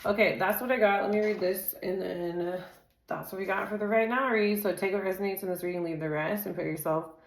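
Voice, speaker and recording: A woman's voice: mid-range voice, a little fast, vocal fry, reverberant. A woman reading tarot in a casual way. She rattles off lists of card keywords and often laughs and drifts into side chatter. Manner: laughs easily and chats off-topic. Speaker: tarot reader.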